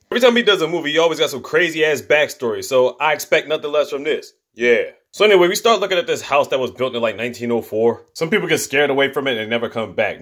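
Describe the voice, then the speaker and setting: A man casually recapping a movie plot in slangy, profane, animated talk. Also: mid-range voice. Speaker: movie reviewer.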